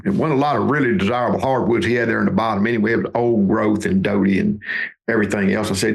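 Guy, late 50s, gravelly low voice, folksy storyteller on a podcast, keeps repeating words. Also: steady tone, quick pace. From Mississippi, USA. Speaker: podcast guest, duck hunting outfitter. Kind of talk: conversational storytelling.

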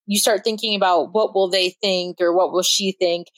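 A woman's voice: lowish voice, steady tone, normal speed, dry recording. A woman hosting a podcast interview, chatty and casual, leaning on "like" as she thinks aloud. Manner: chatty, filler-heavy with frequent "like", laughing easily. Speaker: podcast host.

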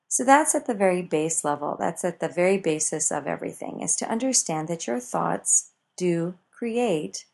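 A woman with a lowish, gravelly voice with a touch of vocal fry gives a motivational self-help talk. She is expressive and brings her points to life by acting out everyday scenes.

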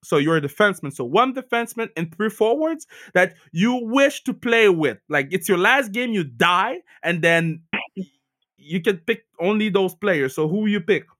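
A male podcast host with a bright, slightly high voice. He talks loosely and jokes around, dropping the odd curse. It's a casual interview chat. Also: lively intonation, normal speed. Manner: loose, joking, swears casually. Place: Montreal.

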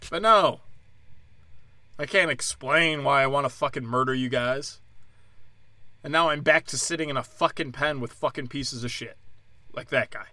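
With a mid-range, pushed and bright voice at normal speed, broken by long pauses, a man rants on his solo podcast in a dry recording. He's a stand-up comedian, and his angry monologue runs on swearing, sarcasm and mocking put-on voices.

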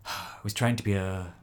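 Man doing a talking dog, boastful, rambling, low voice. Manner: rambling, casual, full of fillers. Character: boastful old male talking dog, laid-back liar.

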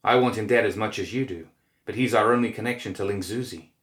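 A man's voice: fairly low pitch, quick pace, a bit bright, lightly acted. A man voicing an urgent young woman. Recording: echoey room.

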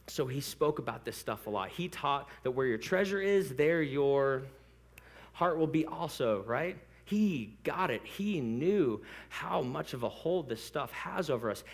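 A man preaching a sermon in a church, conversational and playful, with asides to the congregation. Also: a little high. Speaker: pastor.

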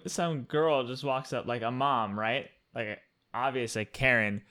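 A man's voice: mid-range voice, unhurried. Easygoing man telling stories. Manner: relaxed storyteller, acts out quoted voices. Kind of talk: casual chat.

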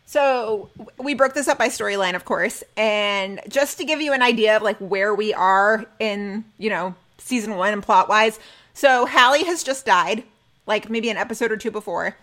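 A woman's voice: medium pitch, moderate pace, a bit bright. A young woman co-hosting a fan podcast, chatting casually and gushing with enthusiasm. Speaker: podcast co-host.

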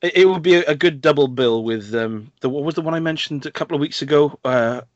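Male podcast co-host, animated and giggly, close dry mic with a dull tone. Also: on the high side, quick pace, dry recording. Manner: animated, laughing, does voices in quotes. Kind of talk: casual film chat.

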